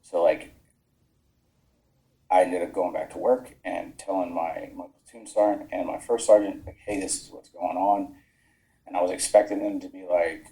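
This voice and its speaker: A low-pitched man with a mellow, dark voice recounts his army years as a podcast guest. He talks frankly, swears often, and slips into the voices of the people he quotes. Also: fairly even intonation, normal speed, rough recording. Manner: frank, swears freely, acts out quoted dialogue. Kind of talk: casual storytelling. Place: podcast studio.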